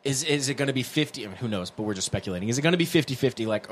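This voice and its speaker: Podcast cohost dude, joking around, voice swings up and down a lot. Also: male voice, mid-range voice, racing, a little hiss or hum. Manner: animated, joking, swears freely. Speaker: podcast co-host. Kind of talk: casual podcast chat.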